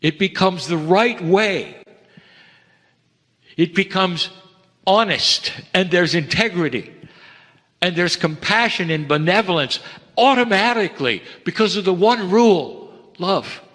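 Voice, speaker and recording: A man with a high-pitched, animated voice gives a channeled spiritual message to an audience, recorded with a long hall reverb. He speaks gently and in a measured way, pausing for emphasis and calling listeners dear ones.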